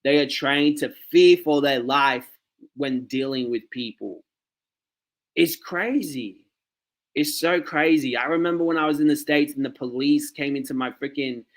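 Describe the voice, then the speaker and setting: Male vlogger, mid-pitched, casual ranting reaction commentary. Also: fairly bright tone. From Australia. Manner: ranting, talks straight to viewers with frequent "okay" and "like".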